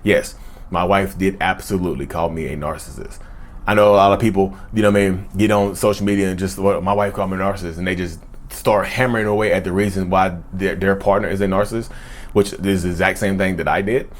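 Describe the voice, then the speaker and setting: Man, 30s, rapid earnest camera monologue, repeats points. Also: low voice, steady tone, slight background noise. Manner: earnest, preachy, repeats phrases for emphasis. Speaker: mental health video creator. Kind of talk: casual talking-to-camera monologue.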